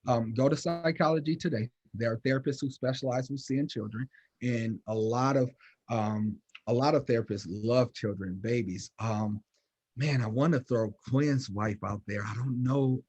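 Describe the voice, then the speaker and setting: A man working as a counselor, answering questions in casual, animated talk with lots of fillers. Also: mid-range voice, moderate pace, slightly rough, muffled recording. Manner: animated, conversational, many fillers.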